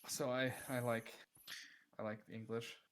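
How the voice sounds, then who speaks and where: A man playing a game on a live stream, chatting casually in a halting, hesitant way. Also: mid-range voice, level tone, a bit bright. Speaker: fellow player. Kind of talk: casual gaming chat.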